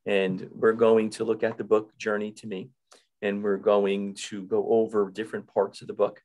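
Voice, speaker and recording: A man's voice: fairly low pitch, flat delivery, moderate pace, a little mellow, poor audio. A man with a North Jersey accent hosting a podcast, chatting eagerly and often repeating himself as he restarts. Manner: enthusiastic, repeats words and restarts. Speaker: podcast host. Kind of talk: casual interview chat.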